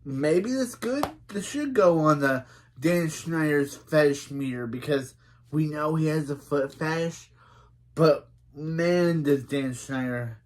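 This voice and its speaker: A man recaps a kids' show episode in casual reaction commentary, his voice a touch higher than most men's. He reads the characters' lines aloud in a chatty, running way and gets indignant about what he sees. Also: slow. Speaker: show reviewer.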